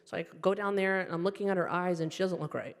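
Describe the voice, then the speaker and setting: A woman's voice: on the low side, fast. Wry middle-aged woman doing stand-up. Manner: animated, wry and self-mocking. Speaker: stand-up comedian. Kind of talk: stand-up storytelling. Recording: stage mic with hall reverb.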